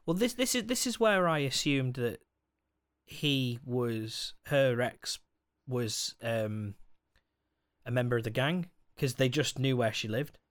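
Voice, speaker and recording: A man's voice: medium pitch, takes it slowly. A man hosting a casual podcast chat, talking animatedly and laughing as he describes a film. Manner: animated, laughing, apologetic asides.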